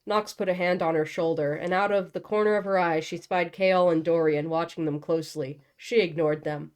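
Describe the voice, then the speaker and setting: A woman's voice: on the low side, steady tone, normal speed, darkish tone. A young woman reading a novel aloud and breaking off for casual, joking commentary. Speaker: book channel host.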